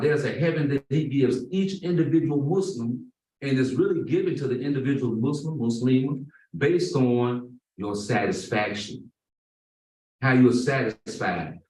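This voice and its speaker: A man's voice: mid-range voice, a little mellow. A man delivers a Friday sermon in a mosque prayer hall, stretching out the words he wants to land. His voice rings with roomy echo and sounds set back from the microphone. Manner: emphatic, slow and drawn-out on key words. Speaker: imam. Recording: roomy echo, far from the mic.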